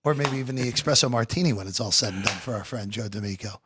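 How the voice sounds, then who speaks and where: A man's voice: fairly low pitch, fast, fairly bright tone, a little hiss or hum. A man hosting a sports betting talk show from a studio, chatty and joking with guests, heavy on fillers. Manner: chatty, fillers, jokey banter.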